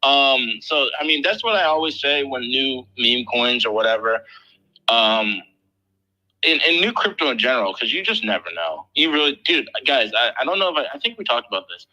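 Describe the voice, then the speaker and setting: Bright-voiced, profane crypto show host. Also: male voice, mid-range voice, moderate pace, muffled recording. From Philadelphia area. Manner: loose, profane, animated storytelling. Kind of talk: casual chat.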